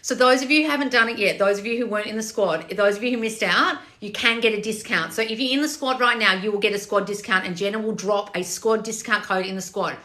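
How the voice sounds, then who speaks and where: A woman's voice: medium pitch, quick pace, few pauses, sharp tone. A woman, a manifestation coach scolding her viewers bluntly with plenty of swearing. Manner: profane, blunt, exasperated tough-love scolding. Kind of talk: blunt livestream chat reading comments.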